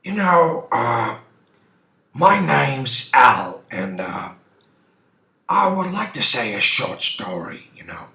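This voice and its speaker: A man impersonating a brash aging male movie star who drawls with lots of uhs and bursts into shouts, in a roomy echo. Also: medium pitch, sing-song, slow pace, gravelly, exaggerated voice. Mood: swaggering.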